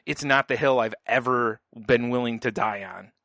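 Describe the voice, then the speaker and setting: A man's voice: medium pitch, moderate pace, bright, forceful tone, no echo, clean studio sound. A man co-hosting a casual podcast, telling stories in a laid-back way and laughing often. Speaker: podcast co-host. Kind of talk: casual chat.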